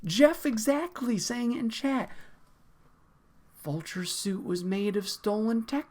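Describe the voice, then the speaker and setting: A man's voice: sits high, slow pace, a little mellow. A man hosting a podcast in a casual, profane, exasperated rant, laughing often. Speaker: podcast host.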